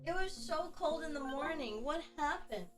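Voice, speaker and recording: A woman's voice: sits high, animated, moderate pace, over music. A woman streamer chatting casually with her viewers while drawing, answering chat, giggling often and swearing offhandedly.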